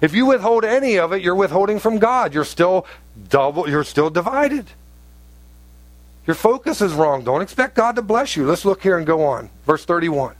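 Man, pastor, sermon, fairly high voice, dry sound, chatty then forceful. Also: animated, normal speed, dry recording. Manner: conversational preaching, rising to emphatic outbursts.

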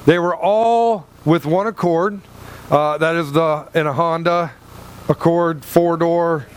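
Clear and resonant, this man's voice sits on the high side as he preaches to his congregation. His sermon mixes Bible reading with a story, and he wanders, restarts, and repeats himself while asking "Amen?" and "Okay?" to check in with listeners.

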